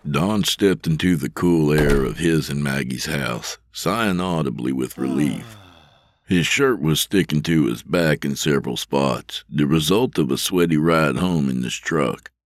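A male podcast narrator reads fiction at a steady, measured pace. His voice sits very low and resonant in the chest. The recording is close and dry, with no room echo.

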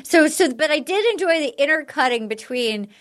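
A woman's voice: high voice, moderate pace. A woman co-hosting a comedy podcast, recapping a dating show in casual chat and acting out what the cast said. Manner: animated, acts out quotes of reality show cast. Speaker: podcast co-host.

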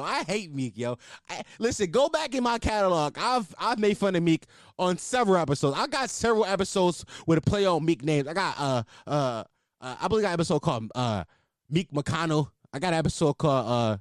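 A man's voice: high-pitched, no room sound, clean studio sound. A young man hosting a podcast, riffing in loose, profane, laughing comic commentary. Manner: animated, profane, laughing riffs. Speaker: podcast host. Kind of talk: casual comedic commentary.

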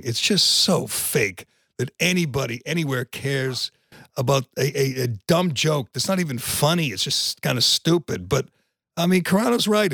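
A gravelly man holds forth on a podcast in an emphatic, indignant tone. His voice sits at an ordinary pitch, and the recording is close and dry. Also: fairly bright tone, no echo. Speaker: podcast co-host. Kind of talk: opinionated casual chat.

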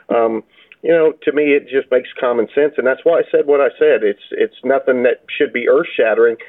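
A man, a county sheriff, answering interview questions in a steady, plainspoken way. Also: medium pitch. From Florida. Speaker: sheriff, guest. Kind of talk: phone-in interview. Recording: tinny phone line.

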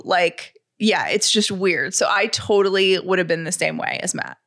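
A woman's voice: on the low side, moderate pace, creaky, a bit bright. A woman co-hosting a podcast, chiming in casually and relating to how people feel. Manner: chatty, chimes in and relates to feelings. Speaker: podcast co-host. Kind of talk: casual chat.

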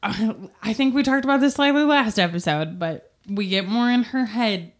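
A young woman hosts a podcast, chatting casually into her microphone about a book, laughing often and mockingly voicing its characters. Her voice is on the high side at a moderate pace.

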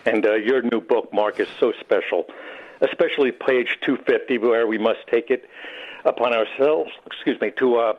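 An older man calling a radio show, speaking earnestly and haltingly with gratitude. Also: medium pitch, highs cut off. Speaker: caller. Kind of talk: call-in talk.

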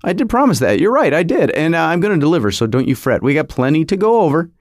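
Male podcast host, joking, halting delivery, lively high-ish voice, dry garage studio. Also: dry recording. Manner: joking, halting, lots of fillers and restarts. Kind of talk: casual rambling monologue.

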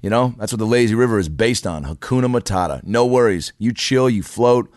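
A young adult man telling a bar story in casual, profane chat, acting out the people in it in a higher voice. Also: brisk, hardly any pauses, soft background music. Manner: animated, profane, acts out quotes in a higher voice.

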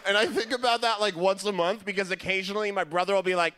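A man performing a stand-up comedy set, telling family stories in an animated way and acting out their voices. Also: high voice, brisk, slight background noise. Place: theater stage.

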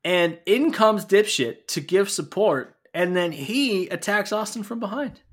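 Male podcast co-host, somewhat high voice, wry and playful, casual chat. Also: measured pace, fairly bright tone. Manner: wry, swears freely, playful.

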